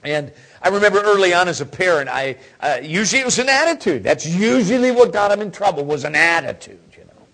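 Middle-aged man, pastor, husky voice, sermon, bouncing pitch, hushed to loud. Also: very animated, fast talker. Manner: swings from hushed near-whispers to loud exclamations; humorous storytelling.

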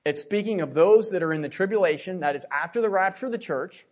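A middle-aged man from Pennsylvania preaching a sermon, telling a personal story with emotion and repeating his words as he swings from hushed to loud. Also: sits high, fast.

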